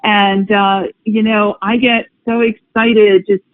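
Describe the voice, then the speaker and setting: A woman's voice: medium pitch, level tone, slow pace, dry recording. A woman speaking as a guest executive on a company call, enthusiastic and laughing often. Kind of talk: casual conference-call talk. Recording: dry tinny phone line.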